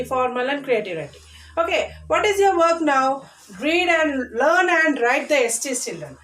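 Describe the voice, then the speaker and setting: A woman teacher, giving a recorded class lesson and repeating words slowly for children to say after her. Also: high voice, fairly bright tone, roomy sound, a little hiss or hum, rough recording.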